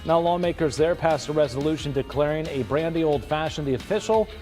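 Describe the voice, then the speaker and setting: A man's voice: fairly high pitch, brisk, a little mellow, soft background music. A man anchoring morning TV news, joking and ad-libbing between stories. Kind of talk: playful morning news banter. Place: TV news studio.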